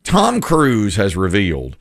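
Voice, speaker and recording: A gravelly-voiced man hosting a morning radio show, with a lower pitch that swings widely as he tells stories. He teases his co-host and laughs often in easygoing studio banter. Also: a little slow, no room sound. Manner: laughing, teasing, lively storytelling. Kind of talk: casual morning radio chat.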